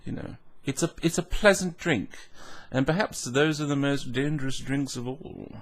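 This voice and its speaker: A man's voice: mid-range voice, normal speed. Rambling man musing over a tasting. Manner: musing, rambling, self-mocking, with hums and restarts. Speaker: whisky reviewer. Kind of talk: casual tasting vlog.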